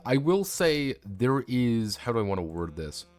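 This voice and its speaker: A man's voice: medium pitch, big pitch swings, unhurried, darkish tone, soft background music. A man streaming a casual review of a tabletop game, rambling and swearing freely. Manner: rambling, profane, many fillers and restarts. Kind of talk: casual chat.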